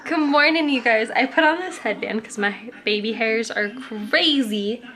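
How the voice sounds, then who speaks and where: A woman's voice: fairly high pitch, unhurried, pushed and bright, soft background music. A young woman filming a casual family vlog, chatting to viewers and using sing-song baby talk with her toddler. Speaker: family vlogger.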